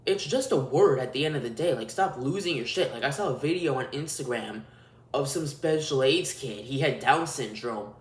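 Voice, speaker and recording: A man hosting a podcast, delivering a crude, profane, ranting solo monologue. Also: medium pitch. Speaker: podcast host. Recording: roomy echo.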